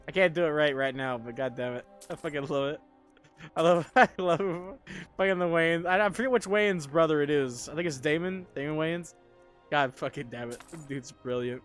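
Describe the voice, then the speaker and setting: A man's voice: fairly high pitch, normal speed, a bit bright, faint music behind. Sleepy rambling man streaming a game. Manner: rambling, swearing, restarts. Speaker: gaming streamer. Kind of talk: casual game livestream chat.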